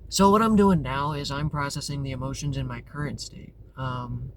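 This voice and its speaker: A man speaks candidly in a casual, confessional way as host of a tarot channel. He rambles, often stopping to restart or correct himself. His voice sits at an ordinary middle pitch, with clear vehicle noise running under the recording. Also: steady tone, normal speed. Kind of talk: casual confessional talk to camera.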